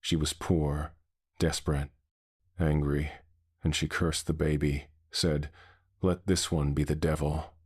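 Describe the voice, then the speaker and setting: A man's voice: very deep voice, flat delivery, slow pace, darkish tone, breathy edge, heavily acted. A man voicing a frightened, bitter man in his fifties who steadies himself to face a monster. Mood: grim. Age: 50s. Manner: shaky but steadying, bitter. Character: shaken middle-aged man facing a monster.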